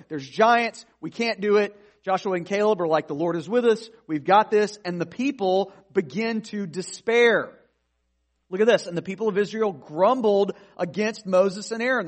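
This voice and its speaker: A man preaching a sermon to a congregation, talking directly to them and restarting his phrases as he thinks aloud. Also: on the high side. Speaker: pastor.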